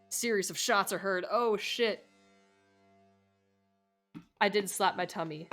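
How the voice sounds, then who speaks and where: A woman's voice: medium pitch, slow pace, long pauses, fairly bright tone, faint music behind. A woman streamer reading a game's dialogue and narration aloud during a live playthrough, cursing and laughing at the story as she goes. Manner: reads all game text aloud, swearing and laughing at the story.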